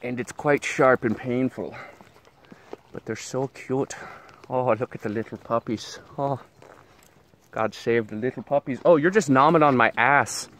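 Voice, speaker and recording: A man vlogging outdoors on a ranch into a handheld camera, tired and sweaty, cooing excitedly at puppies. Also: a little slow, a little hiss or hum. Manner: excited, coos at puppies in a high voice. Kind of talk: casual vlog.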